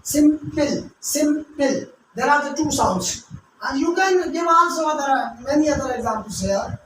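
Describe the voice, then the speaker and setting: A woman teaching English grammar, slowly repeating each word syllable by syllable and sometimes explaining in local languages. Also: high-pitched, expressive. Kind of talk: grammar lesson with pronunciation drills. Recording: very echoey room, voice from far off, faint hiss.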